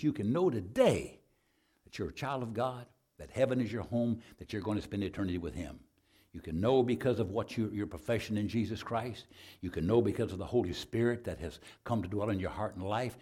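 A man preaches in a folksy, storytelling manner, his voice a little husky. His pitch swings widely as he tells stories, and he softens for prayer. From Arizona. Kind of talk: sermon with altar call.

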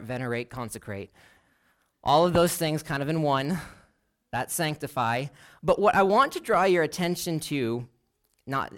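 A man preaching a sermon, earnest and deliberate, slowing down to lean on key words. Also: medium pitch, smooth.

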